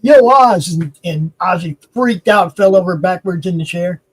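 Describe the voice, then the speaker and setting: Husky high-voiced middle-aged man. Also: fairly even intonation, normal speed. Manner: rambling, profane anecdotes. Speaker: panelist on a livestream. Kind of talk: casual chat.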